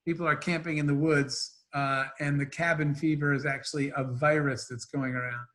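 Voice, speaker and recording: A man's voice: on the high side, normal speed. A man, an entrepreneur guest on an interview show, telling long stories with quoted dialogue. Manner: animated anecdotes with quoted dialogue. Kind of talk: storytelling interview talk.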